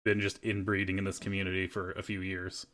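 A man's voice: deep voice, monotone, a little fast, fairly bright tone. A young man hosting a podcast, telling rambling stories in casual chat and swearing freely. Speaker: podcast host.

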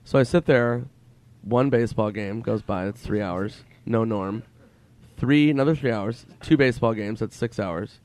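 A man in casual conversation, telling an animated anecdote as a comedian guest. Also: moderate pace. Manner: animated, acts out friends' voices in a high whiny tone. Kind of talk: casual storytelling chat.

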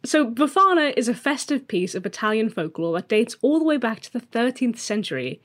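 A woman's voice: a little high, sing-song, a little fast. A woman co-hosting a podcast, telling a folklore story in a chatty, joking way. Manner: chatty, laughs easily, jokey asides. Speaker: podcast co-host.

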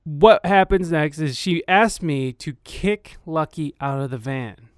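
A man's voice: on the high side, unhurried, clean tone, no room sound, studio quality. A man telling a casual anecdote in a rambling, profane way, full of fillers.

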